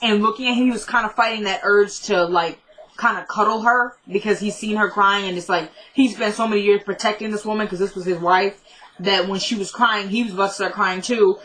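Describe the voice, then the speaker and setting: A woman's voice: medium pitch, brisk. Chatty woman recapping a TV episode. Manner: animated retelling, quoting characters' lines; chatty, with frequent fillers like "you know". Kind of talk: casual recap vlog.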